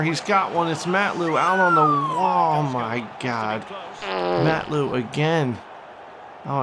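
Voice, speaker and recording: A young man giving play-by-play commentary over a football video game, excitable and crude, swinging from calm calls to shouting. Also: fairly high pitch, vocal fry. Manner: crude, joking asides. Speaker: gaming commentator.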